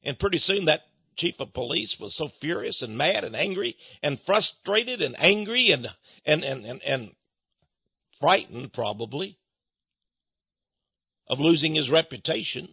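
A man's voice: on the high side, sing-song, measured pace, vocal fry, long pauses, bright, forceful tone, slightly rough, no room sound. A man from the United States telling a story in a sermon, animatedly acting out both sides of conversations. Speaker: Christian speaker on Freemasonry. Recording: dull muffled lo-fi recording.

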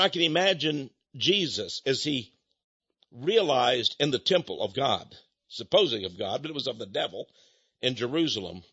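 Older man, lively rambling radio voice. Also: medium pitch, husky, lo-fi sound. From Texas. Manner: folksy, rambling, building to angry emphasis. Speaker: radio host. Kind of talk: radio talk monologue.

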